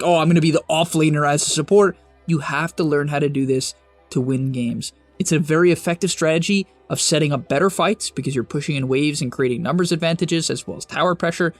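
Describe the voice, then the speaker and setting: A young man hosting a game strategy guide, talking fast and emphatically with sudden high-pitched bursts, on a close mic. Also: dry recording. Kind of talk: energetic strategy guide narration.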